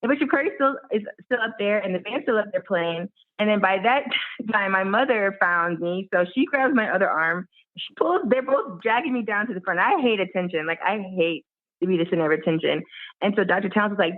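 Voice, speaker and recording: A woman guest musician telling a story in an interview, animated and acting out the people she quotes. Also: mid-range voice, brisk. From Miami. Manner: animated, acts out quoted voices. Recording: tinny phone-like line.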